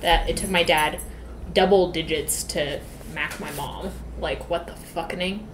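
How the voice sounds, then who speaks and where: A young woman's somewhat low voice, with loose, profane and laughing podcast banter. The room sounds echoey and a steady background noise runs under her voice. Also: a little slow. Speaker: podcast co-host. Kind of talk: casual banter.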